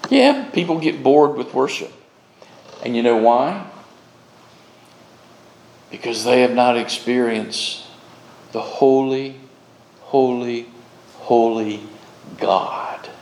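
A male pastor preaching a sermon with slow, emphatic delivery and dramatic pauses. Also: medium pitch, lively intonation, darkish tone, slight background noise. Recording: echoey room sound.

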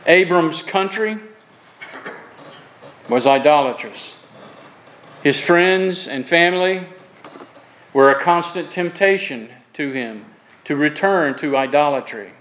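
A man's voice: fairly high pitch, animated, takes it slowly, pauses often, fairly bright tone, slight background noise, poor audio. A man from Florida preaching a sermon as pastor, earnest and emphatic, telling folksy stories with humor. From Florida, USA.

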